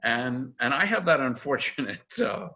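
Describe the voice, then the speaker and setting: Bright-voiced older man teaching, lo-fi audio. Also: medium pitch, moderate pace, gravelly. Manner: chatty, animated, quotes texts, frequent "uh". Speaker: rabbi teaching an intro class. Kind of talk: informal lecture. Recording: dull lo-fi video-call audio.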